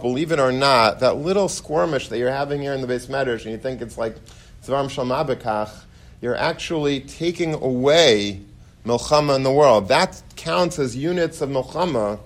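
A man giving an informal sermon to a study hall in a conversational way, with restarts and many Hebrew and Yiddish terms. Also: medium pitch. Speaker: rabbi giving a Torah talk.

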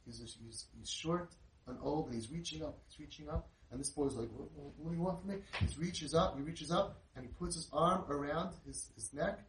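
A middle-aged man, telling an inspirational story in an animated way and sprinkling in Yiddish and Hebrew words. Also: fairly high pitch, normal speed. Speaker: inspirational speaker. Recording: roomy, distant mic with faint noise.

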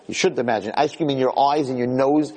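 A man, a rabbi, giving a lecture as an animated storyteller who acts out voices. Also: medium pitch, brisk.

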